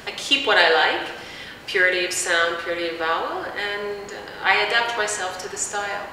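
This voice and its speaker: A woman singing teacher calmly explaining vocal technique in plain words, with fillers. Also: mid-range voice, moderate pace. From Canada. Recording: echoey room, mic at a distance, faint hiss.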